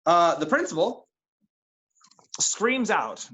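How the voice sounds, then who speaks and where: A man narrating as game master for a tabletop game, talking in a halting way with many fillers. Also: on the high side, lively intonation, a bit bright, low-quality recording.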